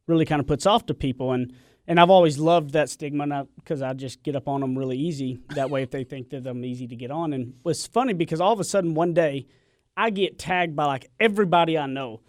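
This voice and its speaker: A man with a Southern accent telling an excited story in casual radio chat. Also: fairly high pitch, a little fast, no room sound, studio quality. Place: radio studio.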